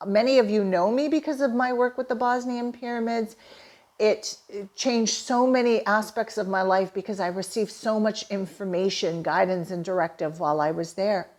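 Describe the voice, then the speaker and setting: A woman's voice: mid-range voice, moderate pace, a little mellow. A middle-aged woman from Canada, a holistic therapist, telling a personal story with earnest, emotional enthusiasm. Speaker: holistic therapist and manifesting coach.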